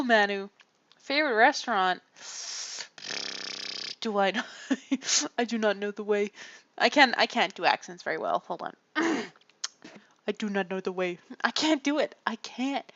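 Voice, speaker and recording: A woman's voice: a little high, a bit bright, no echo. A woman from Canada chatting casually on a livestream, rambling and self-deprecating and often laughing. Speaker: streamer. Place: home room. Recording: muffled lo-fi mic.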